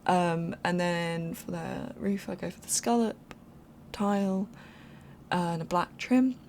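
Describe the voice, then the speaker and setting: A young game speed-build creator gives loose, unscripted voiceover commentary on a build, rambling, apologizing and laughing along the way. Her low, darkish voice has a gravelly fry and a slow pace, with a faint hum underneath.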